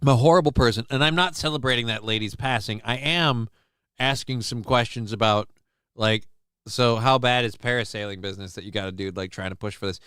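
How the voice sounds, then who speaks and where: A man's voice: mid-range voice, fairly quick, fairly bright tone, clear, resonant tone, no echo, studio quality. A man hosting a solo live show, rambling through crude, joking commentary and talk about his daughter. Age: adult with a young child.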